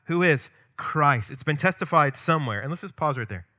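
A man preaching a sermon as pastor, emphatic and conversational, swinging from loud stressed points to quiet asides. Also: on the high side, expressive, a little fast. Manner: conversational with asides and light humor.

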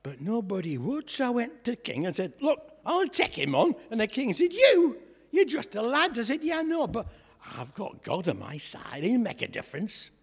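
Brief: man doing a cocky young lad, raspy and high, lively, echoey church hall. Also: normal speed, full character voice. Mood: cheeky. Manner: chatty, jokey, asides to the congregation. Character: cheeky young shepherd lad, boastful and comic. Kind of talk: comic storytelling sketch in church.

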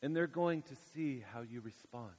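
A man preaching a sermon, telling a childhood story with dramatic swings from hushed to loud. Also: mid-range voice, moderate pace, husky, big-room sound.

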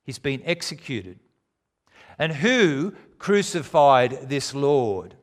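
A man preaching a sermon, emphatic, swinging between loud declarations and quiet, low lines. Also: big pitch swings, takes it slowly.

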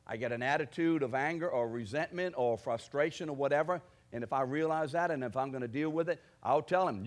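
Guy preaching a sermon, medium pitch, punches up his points, keeps asking the crowd questions. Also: fairly quick, few pauses. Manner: emphatic, building to forceful declarations; addresses the congregation with direct questions. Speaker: pastor.

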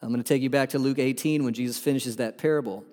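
A man's voice: mid-range voice, steady tone, fast, a little mellow. A man preaching a sermon as a pastor, earnest and emphatic, asking the room rhetorical questions. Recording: long hall reverb.

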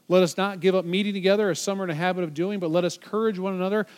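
A man's voice: sits high, fairly even intonation, rapid-fire. A man preaching a sermon as pastor, emphatic, his voice rising sharply when he quotes scripture. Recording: long hall reverb.

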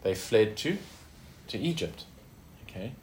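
A man with a low voice teaches scripture in a relaxed, conversational way, often asking "isn't he?" and "okay?". He is recorded in an echoey room with faint background ambience. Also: a little slow, a little hiss or hum. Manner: conversational, with frequent fillers and tag questions. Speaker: Bible teacher. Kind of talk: informal Bible study teaching.

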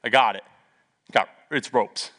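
A man voicing a boastful, evasive biblical strongman in a low, offhand mumble. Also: measured pace, sharp tone, big-room sound.

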